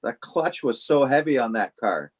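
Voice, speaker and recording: A man telling a story on a casual podcast, animated and laughing as he goes. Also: medium pitch, normal speed, breathy edge.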